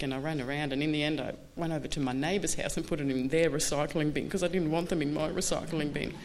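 A woman candidly telling her recovery story in a halting, earnest way, full of restarts. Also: deep voice. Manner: candid, halting, many restarts and you-knows. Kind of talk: personal testimony talk.

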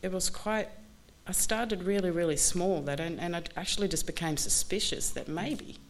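A woman's voice: on the low side, a little hiss or hum. Candid woman sharing a recovery story. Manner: candid, halting, many restarts and you-knows. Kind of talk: personal testimony talk.

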